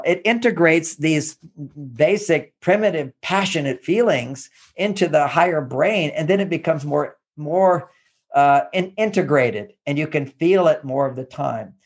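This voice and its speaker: A man's voice: fairly high pitch, animated, unhurried, slightly rough. A man from Texas, a therapist and relationship author, talking casually and animatedly, often acting out quoted phrases. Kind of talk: casual advice talk.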